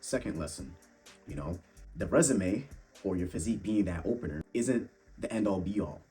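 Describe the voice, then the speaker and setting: A young man with a very deep, low voice delivers blunt, swear-filled dating advice in a casual monologue. He keeps addressing the listener as bro. Faint music plays underneath. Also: lively intonation, normal speed, dark tone. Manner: blunt, profane, calls viewers bro. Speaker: fitness and dating vlogger.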